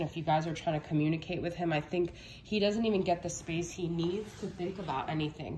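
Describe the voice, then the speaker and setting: A woman's voice: on the low side, dark tone, echoey room, a little hiss or hum. A young woman giving a casual tarot reading, a little out of breath, chatty and reassuring, often checking in with "okay?". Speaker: tarot reader.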